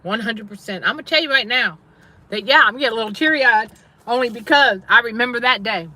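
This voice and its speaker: A woman's voice: a little high, a little fast, sharp tone. A middle-aged woman, speaking to her audience in a casual, testifying way and repeating herself for emphasis. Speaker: faith-based trauma coach and channel host. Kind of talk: casual livestream preaching.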